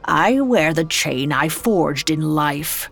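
A woman's voice: low-pitched, expressive, slow pace, vocal fry, fairly bright tone, faint music behind, voice pushed down, full character voice. A woman voicing the grim ghost of an old businessman bound in chains, speaking in grave, solemn warnings.

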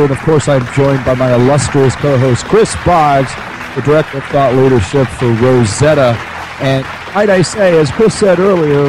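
Relaxed talk-radio host with mellow voice. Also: male voice, a little high, rough recording. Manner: rambling, many fillers and restarts. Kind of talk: casual talk radio chat. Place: remote broadcast from home.

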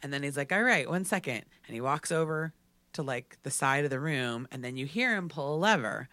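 Animated man telling a wild story. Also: medium pitch, brisk, no room sound. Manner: animated, filler-heavy with frequent "like". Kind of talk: casual storytelling chat.

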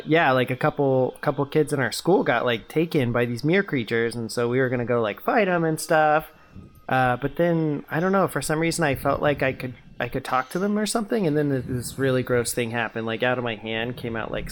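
A man voicing a brash, excitable teenage schoolboy in role-play, rambling and full of "like" and "dude". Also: mid-range voice, natural voice.

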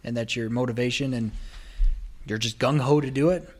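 A man narrating a tabletop role-playing game as game master, in a casual, halting way with restarts. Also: medium pitch, fairly even intonation, darkish tone.

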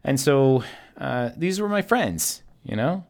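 A man's voice: mid-range voice, very animated, takes it slowly, creaky. A man hosting a solo podcast, telling a personal story in a reflective, hesitant way with many fillers. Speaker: podcast host.

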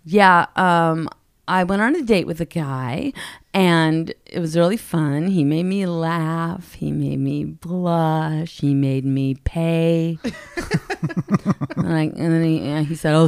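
A woman in her forties, a stand-up comedian, telling animated stories with frequent laughs in a casual podcast chat. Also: sits low, creaky, clean tone, no room sound, clean studio sound. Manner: animated, laughs often, quick asides. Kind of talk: casual anecdote storytelling.

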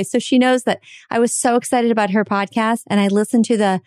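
A woman who hosts her own show, chatting casually as a guest and telling a story in an animated, self-deprecating way. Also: a little high, a little fast. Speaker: podcast host and guest. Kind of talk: casual chat.

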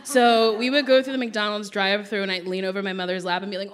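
A woman comedian being interviewed on a theater stage, animated and laughing often as she acts out voices in her stories. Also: medium pitch, fast. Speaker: comedian guest. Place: theater stage before live audience.

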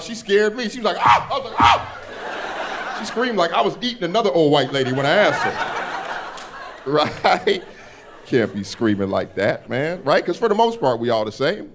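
A man performing a stand-up comedy set on a club stage, animated and acting out characters. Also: on the high side, slight background noise.

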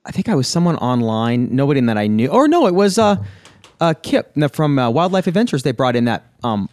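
A man's voice: mid-range voice, big pitch swings, a little fast, a little mellow, dry recording. A man from Nebraska co-hosting a podcast, chatting casually with a teasing, sarcastic humor. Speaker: podcast co-host. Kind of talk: casual chat.

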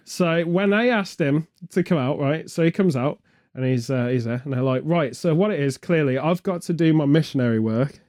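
A British man chats casually with a fairly high, darkish voice, animated and at a normal pace. Keeping a straight face, he wanders into absurd, meandering comic tangents in a rambling, funny way.

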